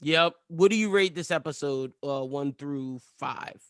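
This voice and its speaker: A man co-hosting a casual podcast with a fairly high voice. He laughs often and moves the talk along from episode to episode. The sound is close and dry. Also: a little slow, fairly bright tone, clean tone, dry recording. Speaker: podcast co-host. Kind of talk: casual chat.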